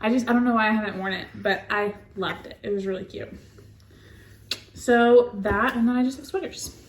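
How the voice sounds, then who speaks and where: A woman's voice: a little high, normal speed, a little hiss or hum. A woman co-hosting a podcast, chatting casually and rambling about her knitting, often laughing. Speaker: podcast co-host. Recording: echoey room.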